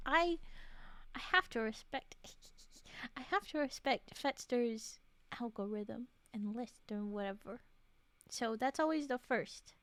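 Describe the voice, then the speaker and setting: A woman streamer with a high voice talks casually to her live viewers. She rambles, restarts her sentences and laughs quickly, and the recording sounds dry and close. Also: dry recording. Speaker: livestreamer reading stories.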